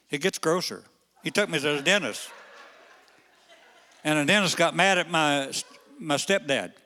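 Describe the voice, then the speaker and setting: Folksy older pastor telling stories. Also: male voice, fairly high pitch. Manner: folksy, halting with fillers, bursts into loud calls to the crowd. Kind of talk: storytelling sermon. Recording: long hall reverb.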